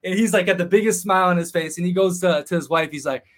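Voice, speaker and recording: A man telling a casual travel story as a podcast guest, animated, swearing freely and acting out the other people in it. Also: high-pitched, fast. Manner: animated, acts out quoted voices, swears freely.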